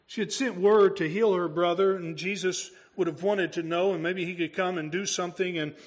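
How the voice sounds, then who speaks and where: A man's voice: sits high, fairly even intonation, normal speed. A male pastor preaching a sermon, talking through the story in a conversational way and asking his congregation rhetorical questions.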